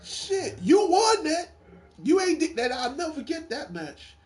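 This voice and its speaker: With an extremely high-pitched voice at a measured pace, this man hosts a laid-back gaming chat. He animatedly recounts wrestling game stories, laughing often and cursing without restraint.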